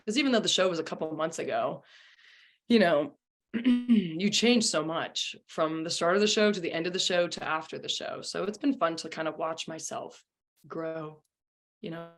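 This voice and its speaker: Low-voiced chatty young woman singer. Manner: chatty with many fillers like 'you know' and 'um'. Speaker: singer and former contestant. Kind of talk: casual interview.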